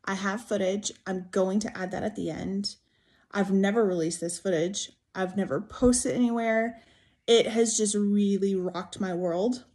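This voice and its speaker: A woman's voice: mid-range voice, steady tone, measured pace, a little mellow. A young woman earnestly narrating a ghost story as a storytime, chatty and full of fillers. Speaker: storyteller in a played clip.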